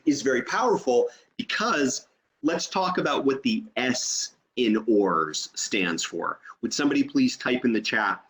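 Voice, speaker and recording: A man teaching an online training session over a video call, explaining step by step and checking in with "okay?". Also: medium pitch.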